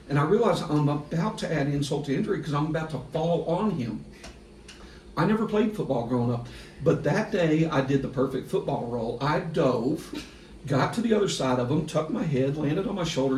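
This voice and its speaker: A middle-aged man, a sports broadcaster guest on a podcast, telling a story in a lively way and laughing through it. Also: a little high. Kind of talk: casual storytelling. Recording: echoey room, distant mic, faint hiss.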